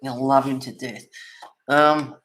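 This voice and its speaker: A man's voice: mid-range voice, little pitch movement, slow pace, a bit bright, a little hiss or hum. Man, colouring host, casual chat, rambling, laughing, at home. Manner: rambling storyteller, laughs often.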